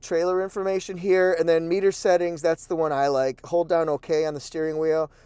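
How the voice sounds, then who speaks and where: Man, high-ish voice, playful and excitable car reviewer talking from inside a truck cab. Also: brisk, clean tone, no echo. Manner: excitable, playful, exclaims and repeats phrases. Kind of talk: casual product walkaround. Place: inside a pickup truck cabin.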